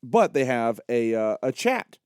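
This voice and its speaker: A man co-hosting a podcast, joking around and chiming in with quick quips. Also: medium pitch, sing-song, clean tone, no echo, studio quality. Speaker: podcast co-host. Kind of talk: casual chat.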